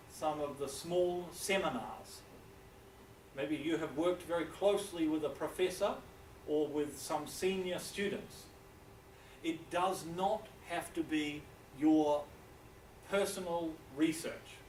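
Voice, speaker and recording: A male lecturer with a New Zealand accent talks slowly and deliberately in a slightly high voice. He checks in with his listeners again and again. The recording comes from a distant mic in an echoey room, with faint background hiss. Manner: deliberate, checks in with frequent "okay?". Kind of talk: classroom lecture.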